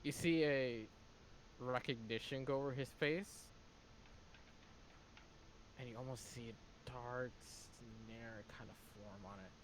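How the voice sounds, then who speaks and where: Man, game master narration, mid-pitched voice, faint background noise. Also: fairly even intonation, slow pace, long pauses.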